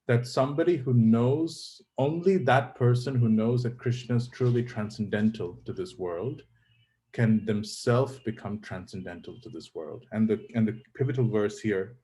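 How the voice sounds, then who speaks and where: A man with a low, mellow voice leads an online scripture class. He speaks in a measured, probing manner, pausing on fillers as he questions his students. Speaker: teacher leading a scripture class.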